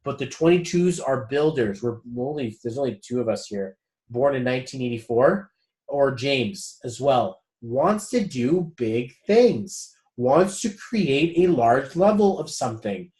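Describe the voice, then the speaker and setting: A man's voice: mid-range voice, expressive, a little slow, a little mellow. A man leading a spiritual group session in a loose, chatty way, swearing casually and calling the group guys. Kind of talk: casual group coaching talk.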